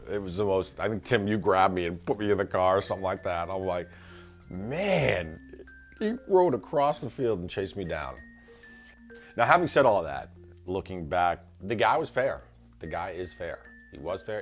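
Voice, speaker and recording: A middle-aged man telling a casual family anecdote, acting out quotes and laughing as he goes. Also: low voice. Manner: animated storyteller who acts out quotes and laughs. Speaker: son telling a family story.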